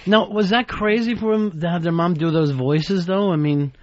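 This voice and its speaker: A man's voice: high voice, moderate pace, slight background noise. Joking male talk radio host. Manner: relaxed, joking interviewer. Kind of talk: radio talk show interview. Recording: dull lo-fi radio recording.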